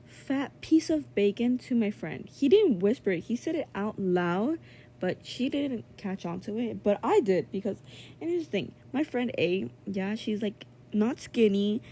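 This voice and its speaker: A woman's voice: medium pitch, unhurried, slight background noise. A teenage girl telling a school story in a chatty vlog, full of "like" and "um" fillers and indignant asides. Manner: indignant, animated retelling. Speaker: vlogger. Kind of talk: casual storytelling.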